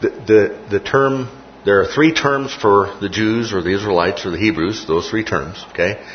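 Low-voiced male lecturer in a classroom, deliberate, checks in often; dull, slightly noisy recording. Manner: repeats key phrases, checks in with "okay?". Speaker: Bible teacher. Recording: muffled recording with faint noise.

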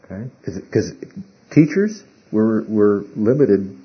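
A man with a low, husky voice leads a Bible study. He pauses often, stumbles over words and turns questions back to his class. The sound is muffled and lo-fi. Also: expressive. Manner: halting, repeats words, asks the class questions. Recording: muffled lo-fi recording.

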